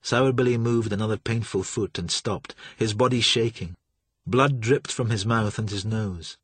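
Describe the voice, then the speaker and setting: Husky male audiobook narrator. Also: on the low side, normal speed, no room sound.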